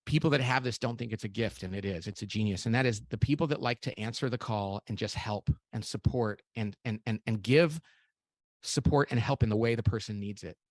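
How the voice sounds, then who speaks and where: A middle-aged man, a guest author on a podcast interview, explaining ideas in a lively way, acting out quoted voices and often restarting sentences. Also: lowish voice, a little fast, no echo. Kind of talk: animated interview talk.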